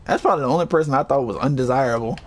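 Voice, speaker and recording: A man hosting a casual chat, telling profane, animated stories packed with quoted dialogue. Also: medium pitch, very fast, a little hiss or hum. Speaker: host.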